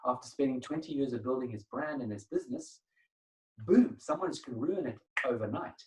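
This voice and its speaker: A man presenting an etiquette webinar over a video call, emphatic and energetic. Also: mid-range voice, normal speed, distant mic, low-quality recording. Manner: emphatic, energetic, acts out phone calls. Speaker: etiquette trainer.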